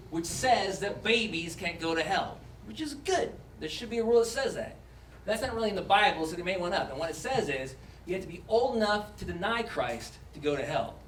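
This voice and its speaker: A man's voice: high-pitched, noisy background. A man doing a stand-up comedy set in a club, swearing and acting out voices, with audience laughter. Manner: swearing, animated, acts out voices. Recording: echoey club recording from a distance.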